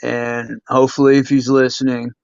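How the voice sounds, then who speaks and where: A man's voice: medium pitch, level tone, moderate pace, creaky, a little mellow, no room sound, highs cut off. A man, a former wrestler, telling stories in a casual interview with a rambling manner and lots of "you know.". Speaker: guest, former pro wrestler. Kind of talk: casual storytelling in a podcast interview.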